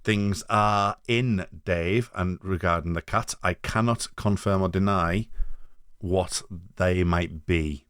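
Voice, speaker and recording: A man's voice: deep voice, slow, a bit bright, clean tone, no room sound, studio quality. A man hosting a podcast in casual chat, rambling and hedging as he restarts his thoughts. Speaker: podcast host.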